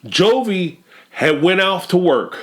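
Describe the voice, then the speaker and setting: Man, high voice, emphatic storyteller for reality-show commentary. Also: very animated, takes it slowly. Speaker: commentary vlogger.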